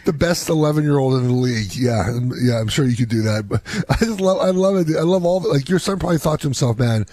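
A man, a youth softball coach and father, chatting casually and retelling stories with laughter. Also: fairly high pitch, fast, slightly rough, no room sound. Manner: animated storyteller, laughs while retelling. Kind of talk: casual chat.

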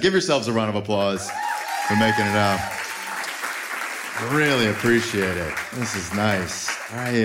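A man opening a stand-up comedy set, chatting easily with the crowd. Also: medium pitch. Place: comedy club stage. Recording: live club with laughter and noise. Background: audience laughing.

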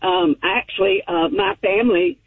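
A woman's voice: mid-range voice, normal speed, slightly rough, no room sound. A woman calling into a radio show, hesitant with many fillers, with a cough. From South Carolina. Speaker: caller. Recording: tinny phone line.

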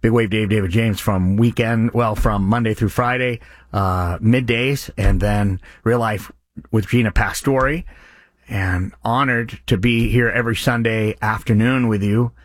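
A man's voice: lowish voice, steady tone, a little slow, no echo. A man hosting a radio charity appeal, speaking in an earnest, impassioned way. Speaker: radio host.

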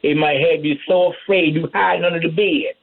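A man's voice: fairly high pitch, steady tone, fairly quick, vocal fry. A man preaching a fervent sermon, calling out amen and hallelujah as he goes. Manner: call-and-response preaching, repeats amen and hallelujah. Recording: tinny phone-line radio broadcast.

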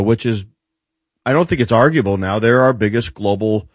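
A man appearing as a guest on a talk show, explaining military and global matters in a lively, animated way with frequent restarts. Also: mid-range voice, moderate pace, dry recording.

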